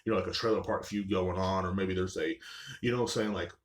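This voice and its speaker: Young male podcast host, slightly low voice; loose, profane, rambling solo storytelling. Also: fairly even intonation, fast talker. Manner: rambling, profane, filler-heavy with "like" and "you know what I'm saying".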